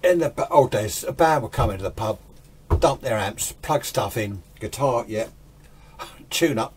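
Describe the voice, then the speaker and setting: A man's voice: on the low side, measured pace, slightly rough. Older Englishman rambling nostalgically. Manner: rambling, nostalgic, chuckling asides. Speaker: hobbyist video host. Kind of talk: casual chat.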